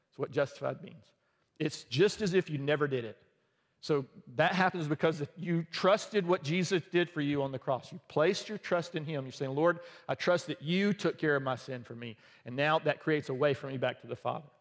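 A man preaching a sermon in a casual, joking, conversational way, with quick asides to the congregation. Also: fairly high pitch, a bit bright, long reverb tail. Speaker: pastor.

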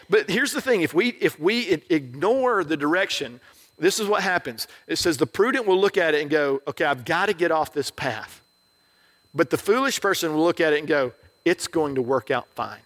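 Middle-aged pastor guy, pretty high voice, chatty preaching, cracks jokes. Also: lively intonation, fairly quick, fairly bright tone. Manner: conversational, joking, asks "right?" often. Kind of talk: sermon.

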